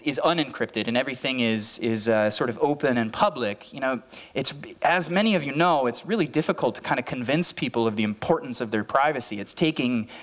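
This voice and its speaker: A man's voice: medium pitch, fairly bright tone. A man giving a conference talk who speaks earnestly, often repeating words and restarting his sentences.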